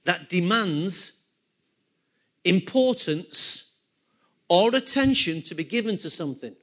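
High, bright-voiced male preacher. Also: slow pace. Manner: animated preaching, repeats key phrases, asks the congregation questions. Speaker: pastor. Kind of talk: sermon.

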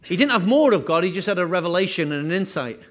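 Quick and animated, a pastor with a voice high for a man preaches his sermon in earnest. Key phrases come back again and again, and he restarts lines while working up to his point.

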